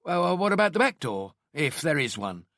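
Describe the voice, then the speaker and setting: A man's voice: fairly high pitch, sing-song, fairly quick, creaky, a bit bright, no room sound, clean studio sound, pitched above the performer's own voice, heavily acted. A man voicing a persistent female detective constable asking probing questions.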